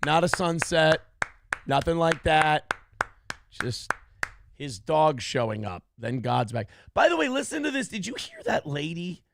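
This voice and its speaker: A man's voice: a little high, sing-song, unhurried, gravelly, fairly bright tone, no room sound. A man hosting a morning show, riffing on a news clip in a crude, profane, mocking rant. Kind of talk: comedic commentary on a news clip.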